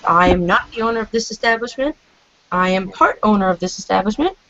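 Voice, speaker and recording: A woman's voice: mid-range voice, expressive, a little fast, fairly bright tone, slight background noise. A woman speaking in character as a tabletop game player, defensive and playing innocent. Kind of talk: in-character tabletop role-play. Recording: dull dry lo-fi audio.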